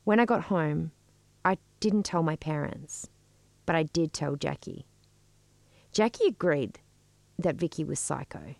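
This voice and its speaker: A middle-aged woman telling a personal story in a measured, wry way. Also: low-pitched, expressive, creaky, a little mellow, no room sound. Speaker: storyteller and podcast co-host.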